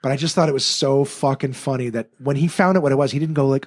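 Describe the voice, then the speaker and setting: A man who is a comedian, telling a story on a podcast in casual chat, animated and swearing freely. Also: medium pitch, fast.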